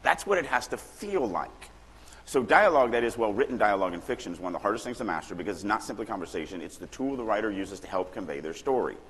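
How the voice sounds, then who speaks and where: A middle-aged man from Louisiana giving a lively, joking lecture on writing at a conference, acting out little examples as he goes. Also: on the low side, fast, slightly rough. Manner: animated, joking, acts out examples. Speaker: writing workshop speaker. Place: large conference hall. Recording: long hall reverb.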